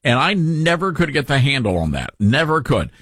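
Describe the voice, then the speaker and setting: A middle-aged radio host with a soft Southern twang and a husky edge. His pitch swings up and down as he delivers folksy, opinionated commentary in a close, dry studio sound. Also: big pitch swings, normal speed, no room sound. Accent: mild Southern US. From Tennessee. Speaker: radio talk show host.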